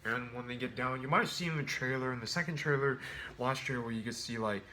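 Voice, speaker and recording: A man's voice: medium pitch, quick pace, bright, forceful tone, slight background noise. A man casually reviewing a film, rambling with many restarts and fillers. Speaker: movie reviewer.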